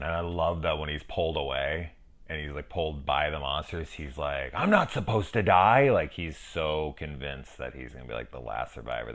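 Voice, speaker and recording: Very deep-voiced, excited film reviewer man. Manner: enthusiastic, rambling with restarts and profanity. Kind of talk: casual review monologue.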